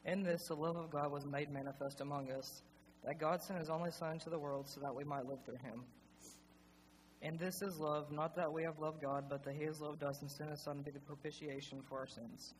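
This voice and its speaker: A man reads scripture aloud in a steady, measured voice, and his words ring out through a large reverberant hall. His voice sits a little high, with a faint hum underneath. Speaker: scripture reader. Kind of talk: scripture reading. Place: church sanctuary.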